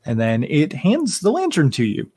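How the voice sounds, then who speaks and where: A man narrating as game master, unhurried, with frequent fillers and self-corrections. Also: on the high side, huge pitch swings, darkish tone, breathy edge, dry recording, clean studio sound.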